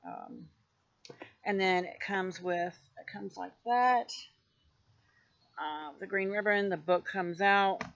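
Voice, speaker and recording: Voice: mid-range voice, takes it slowly, long pauses, a bit bright, dull audio. An oracle card collector chatting casually on a vlog while showing off decks, gushing and rambling with lots of fillers and restarts. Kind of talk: casual show-and-tell vlog.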